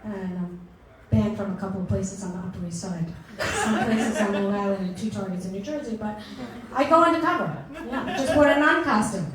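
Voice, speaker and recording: A woman's voice: mid-range voice, brisk, few pauses, a crowd in the background. A middle-aged woman doing a brash, self-mocking stand-up set in a comedy club. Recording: echoey club with audience laughter.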